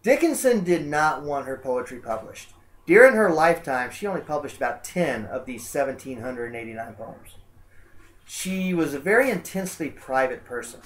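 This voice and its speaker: Relaxed man giving a literature lecture. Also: a little high, moderate pace. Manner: relaxed, conversational, frequent "uh" fillers. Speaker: college English instructor. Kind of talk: recorded lecture.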